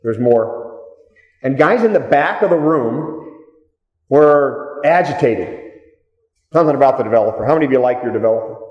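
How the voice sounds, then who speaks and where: A man's voice: mid-range voice, animated, normal speed, pauses often, muffled recording. A man giving a direct, storytelling seminar talk to a live audience in a meeting room, repeating key points for emphasis. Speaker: seminar speaker. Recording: echoey hall, speaker off-mic at times.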